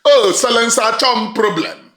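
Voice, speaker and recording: A man with a Nigerian accent delivering an impassioned monologue, fiery and repetitive, moving between shouted lines and low intense ones. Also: a little slow. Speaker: online commentator. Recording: roomy echo.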